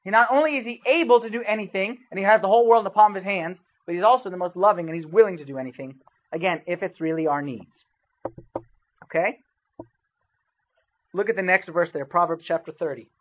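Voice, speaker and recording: In a church hall, a man preaches a relaxed sermon to young people, speaking fast in a voice that sits high. As a youth preacher, he chats with the crowd, asks them questions, and keeps tossing in "okay?". The recording has its highs cut off and a bit of background noise.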